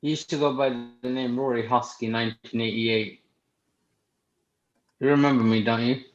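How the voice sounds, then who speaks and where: A man calling into a livestream over a video call, speaking haltingly with many fillers and self-corrections. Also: medium pitch, steady tone. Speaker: caller. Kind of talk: casual chat. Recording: echoey muffled video call audio.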